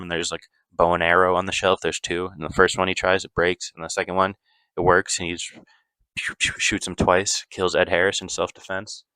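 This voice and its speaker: A man's voice: sits low, bright, forceful tone, clear, resonant tone, no room sound. A man casually recapping a movie plot, rambling loosely with lots of fillers and self-corrections.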